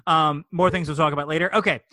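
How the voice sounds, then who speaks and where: A man's voice: fairly high pitch, steady tone, fast talker, bright, forceful tone, dry recording. A middle-aged man co-hosting a podcast, chatting casually and rambling enthusiastically, with many restarts and fillers. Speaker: podcast co-host. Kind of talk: casual chat.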